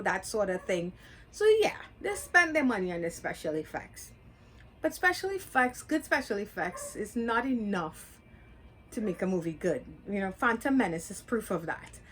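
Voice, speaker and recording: A woman's voice: mid-range voice, slight background noise. A woman giving a casual, chatty movie review, talking candidly with frequent fillers and restarts.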